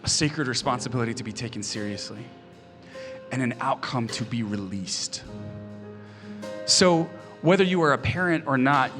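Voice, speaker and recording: An earnest pastor in his thirties delivers a sermon with personal stories. His delivery is often quiet, then quickens as he tells an anecdote. Faint music plays underneath. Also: mid-range voice. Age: 30s.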